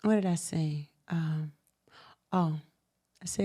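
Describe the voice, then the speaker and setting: Animated woman telling her story. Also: deep voice, slow pace, pauses often, dry recording, studio quality. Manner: animated, laughs often, emphatic. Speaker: host. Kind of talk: candid interview storytelling.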